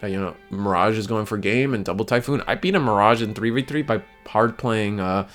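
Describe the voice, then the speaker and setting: A man casually commenting on tournament deck lists, rambling and excitable, with frequent restarts and tags like "man". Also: on the low side, fairly quick, soft background music. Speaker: card game content creator.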